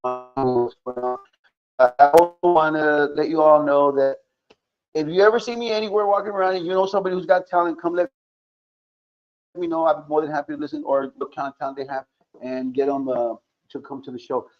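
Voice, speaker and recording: Male podcast host, a bit high-pitched, loose and talkative; dull lo-fi recording. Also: fairly quick, soft background music. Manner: chatty, gives many shout-outs, mixes in Spanish words. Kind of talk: casual podcast chat.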